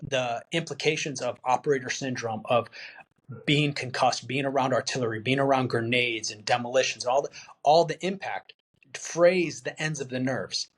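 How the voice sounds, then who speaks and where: This candid interview conversation features a veteran as a podcast guest, his mid-range voice moving at a moderate pace. He sounds earnest and plain-spoken and acts out what his friends said along the way.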